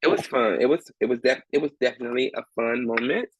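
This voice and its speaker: As a guest, a Broadway swing performer tells an animated story in conversation, acting out other people's voices and laughing often. His mid-range voice is quick and has a breathy edge, in a dry recording with the highs cut off.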